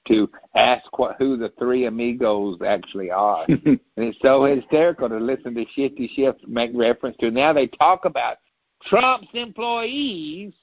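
A man in casual political chat, talking in a rambling, animated, mocking way. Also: mid-range voice, normal speed, no room sound. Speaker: guest commentator. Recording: dull lo-fi dry audio.

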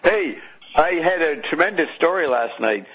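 A man co-hosting a talk radio show, telling animated stories and swearing freely. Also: on the high side, moderate pace, slight background noise. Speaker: radio co-host. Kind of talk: casual talk radio storytelling. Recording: dull lo-fi radio sound.

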